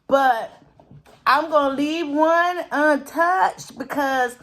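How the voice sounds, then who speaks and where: A woman's voice: fairly high pitch, sing-song, a little slow, a bit bright. A woman food vlogger chatting casually to her viewers while she cooks in a home kitchen, breaking off into muttered asides as she works. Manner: chatty, talks straight to viewers. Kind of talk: casual cooking and eating vlog.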